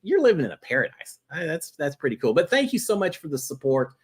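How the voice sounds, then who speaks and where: A man hosting a live reality-TV chat show, answering viewer questions in a chatty, animated way. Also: a little high, quick pace, breathy edge. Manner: chatty and animated, jumping between topics.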